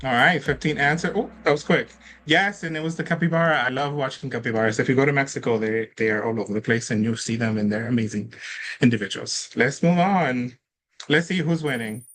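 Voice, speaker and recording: A man hosts an online trivia quiz with participants in chat, upbeat and chatty and laughing often as he reads questions and scores. His voice is medium-pitched, brisk and fairly bright, with soft music in the background.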